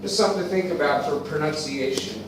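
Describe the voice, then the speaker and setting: American male teacher, high voice, slow drills, distant room mic. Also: lively intonation, heavy background noise. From eastern United States. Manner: slow, deliberate drilling with repetition. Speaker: English teacher. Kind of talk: classroom teaching. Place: classroom. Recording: echoey classroom from far off.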